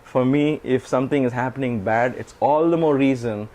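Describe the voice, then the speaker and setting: A middle-aged man recounting a personal story as an interview guest, animated and laughing often as he acts out quotes. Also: mid-range voice, moderate pace, low-quality recording.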